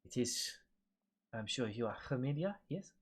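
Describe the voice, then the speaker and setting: Sex: man. Figure: man putting on a proud naval captain. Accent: put-on French. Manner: formal, halting. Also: medium pitch, big pitch swings, breathy edge. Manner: formal, halting, with many fillers.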